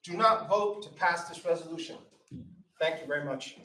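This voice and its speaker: A man's voice: on the high side, normal speed, very noisy. A man from San Francisco giving a prepared public comment at a meeting, firm and formal as he urges the body to vote. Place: community center meeting hall. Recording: echoey hall, distant mic.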